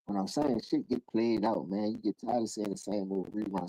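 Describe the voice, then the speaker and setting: A man hosting a live call-in stream, ranting in casual, profane street talk and jumping into high-pitched voices when he quotes people. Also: normal speed, few pauses, dry recording, poor audio. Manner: animated, profane, acts out quoted voices in sudden high bursts. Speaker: livestream host.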